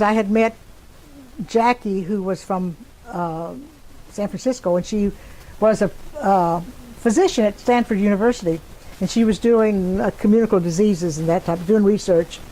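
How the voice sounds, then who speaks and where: A woman's voice: mid-range voice, mellow, slight background noise, poor audio. An older woman with a Texan accent, telling a personal story in a rambling way and acting out the voices of the people in it. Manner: rambling, acts out quoted voices. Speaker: interviewee.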